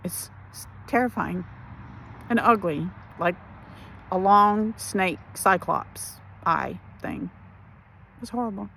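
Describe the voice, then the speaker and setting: A woman giving an emotional personal testimony for a ministry, speaking haltingly and restarting her sentences. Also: mid-range voice, creaky, pushed and bright, a little hiss or hum.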